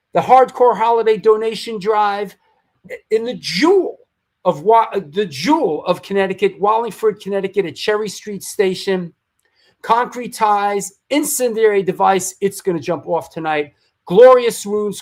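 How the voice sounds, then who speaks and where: Male host, high voice, rambling plugs, trips over words, jokes around. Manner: rambling, stumbling, jokey. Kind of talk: live show announcements.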